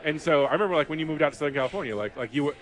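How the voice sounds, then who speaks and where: A man's voice: fairly high pitch, lively intonation, very fast, faint music behind. A man in his thirties co-hosting a podcast, chatting casually in a bar, rambling with lots of fillers. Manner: rambling, heavy with fillers and restarts. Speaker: podcast co-host.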